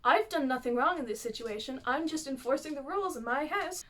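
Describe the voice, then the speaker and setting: A scheming witch mother, as a woman puts her on, whose talk is soft and coaxing but fake. Her sweetness hides cold control. The voice sits fairly high for a woman. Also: expressive, fairly quick.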